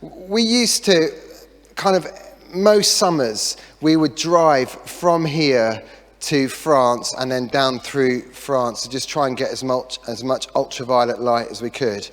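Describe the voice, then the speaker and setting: A middle-aged man preaching a sermon as a pastor, telling a story in a chatty way with self-deprecating jokes and lively asides. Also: medium pitch, slow. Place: church hall. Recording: long reverb of a church hall.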